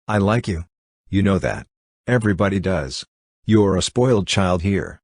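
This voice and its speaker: Calm teasing young woman, read by a low husky man. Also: moderate pace, no room sound, studio quality. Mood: chiding. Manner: calm, gently sarcastic.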